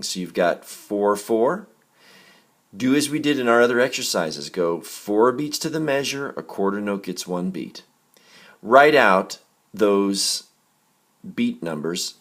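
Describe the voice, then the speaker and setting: A man teaching a music reading lesson, patient and gentle, walking students through rhythm exercises. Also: on the low side. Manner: patient, gentle instructor, demonstrating rhythms by singing syllables.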